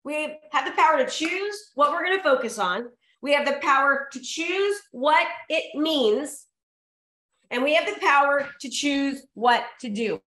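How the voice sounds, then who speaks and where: A middle-aged woman giving an energetic motivational seminar as a real estate coach. She is emphatic, repeats her key phrases and calls out to the audience. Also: high voice, a little slow. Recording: echoey room.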